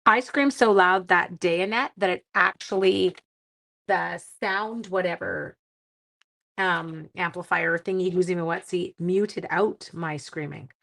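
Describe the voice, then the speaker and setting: A middle-aged woman hosting a casual live craft class, chatty and quick to laugh at herself. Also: lowish voice, creaky, a bit bright.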